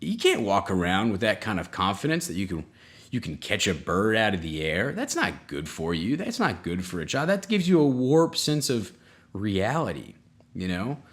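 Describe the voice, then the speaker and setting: A man hosting a comedy podcast, telling self-mocking stories in a rambling way, with sudden jumps in pitch. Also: big pitch swings, normal speed. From United States. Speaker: podcast host. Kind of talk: comedic solo monologue.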